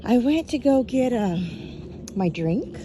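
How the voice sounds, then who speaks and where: A woman's voice: on the high side, very animated, takes it slowly, warm tone, a little hiss or hum. A woman from Texas, telling a personal faith story earnestly, a little out of breath. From Texas, USA. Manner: earnest, quotes people in small voices.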